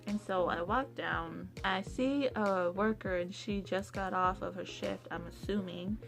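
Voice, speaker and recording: A young woman vlogging a casual storytime, chatty, acting out quotes in a higher voice. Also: measured pace, creaky, over music.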